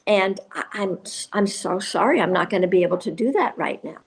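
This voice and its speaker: Gentle reflective woman giving a class. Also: mid-range voice, gravelly. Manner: gentle, reflective, pauses with fillers. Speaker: class speaker. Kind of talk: spiritual class talk with Q&A. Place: temple class room.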